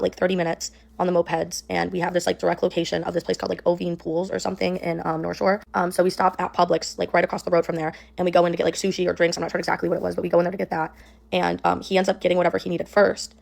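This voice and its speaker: In a played clip, a young woman tells a personal story in a casual, rambling way, sprinkling in plenty of "like" and "um." Her voice sits on the low side and sounds gravelly, and she talks fast with a flat delivery.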